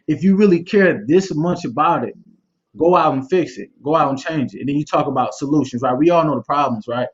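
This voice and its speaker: A man's voice: fairly high pitch, brisk. A young adult man giving a candid motivational talk as a guest speaker, passionate and conversational, with loose repetitions and asides. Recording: muffled stream audio.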